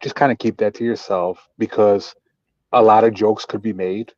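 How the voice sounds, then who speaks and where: A man with a fairly low voice speaks calmly and deliberately, offering advice. The audio is dull and muffled, with a dry close sound and no echo. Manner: calm, measured, gives advice. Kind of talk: casual chat on a livestream.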